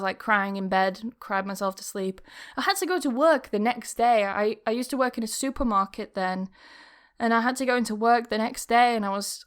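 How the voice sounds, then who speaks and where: A young woman hosts a podcast, telling personal stories in a rambling, casual, confessional style and laughing often. Her voice is on the high side with a clean tone, captured by a camera's microphone.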